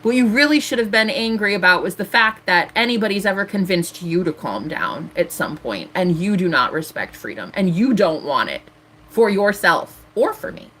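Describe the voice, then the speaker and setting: A woman's voice: mid-range voice, big pitch swings, normal speed, a bit bright, a little hiss or hum. Brief: woman, 30s, tarot streamer, heated defiant rant to chat. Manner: angry, ranting, defiant. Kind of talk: live stream monologue.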